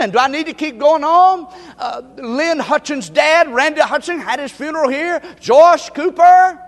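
High-voiced preacher in a reverberant hall. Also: male voice. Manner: emphatic preaching, rising to shouts, repeats phrases. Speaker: pastor. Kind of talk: sermon. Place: church sanctuary.

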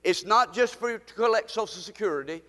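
High-voiced preaching man in a reverberant hall. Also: quick pace, bright, forceful tone. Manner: impassioned, repetitive preaching with pleading rises. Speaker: pastor. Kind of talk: sermon.

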